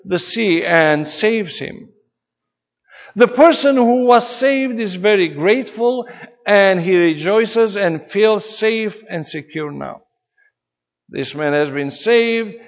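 A man's voice: high-pitched, expressive, slow pace. A man preaching a sermon in an earnest, emphatic way, his delivery rising and falling for emphasis. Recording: dull reverberant hall sound.

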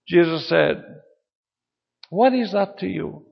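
Male preacher, high voice, slow deliberate sermon; dull recording with long hall reverb. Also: fairly even intonation, vocal fry. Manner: earnest, emphatic preaching with rising and falling emphasis.

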